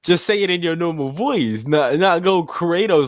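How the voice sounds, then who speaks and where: A man's voice: on the high side, lively intonation, moderate pace, no echo. A young man guest in casual chat, teasing his friend and laughing often. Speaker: guest co-host.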